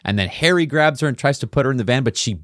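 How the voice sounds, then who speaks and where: A man's voice: mid-range voice, expressive, fast, no room sound, clean studio sound. A man casually retelling a film plot with a co-host, joking and laughing as he goes. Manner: jokey, laughs while retelling. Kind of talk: casual movie recap chat.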